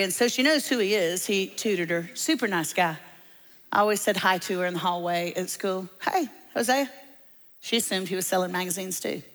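Woman, preacher, humorous sermon storytelling, large hall, long reverb. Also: on the low side. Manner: humorous storytelling, lively asides.

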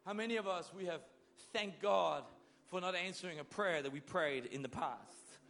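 A male preacher giving a sermon, swinging between loud bursts and soft, low lines as he acts out biblical figures. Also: moderate pace, gravelly.

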